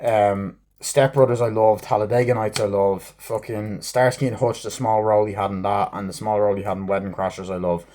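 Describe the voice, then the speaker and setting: A man's voice: fairly low pitch, steady tone, brisk, hardly any pauses, mellow, slight background noise. A man giving a casual, rambling movie review, swearing often and filling gaps with um and like. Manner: rambling, heavy swearing, many fillers. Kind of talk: casual rambling plot recap.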